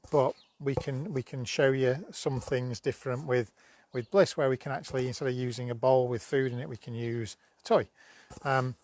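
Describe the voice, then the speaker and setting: A man's voice: medium pitch, a little mellow, no room sound. A man giving a dog-training demo on a live stream, chatty and coaxing, with bursts of praise for his dog.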